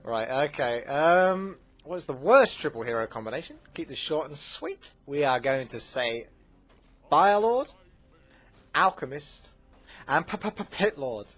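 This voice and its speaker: This man runs a gaming channel and fields viewer questions casually, talking a lot, stuffing in fillers and quick side comments. His voice is mid-range, animated, and a little bright.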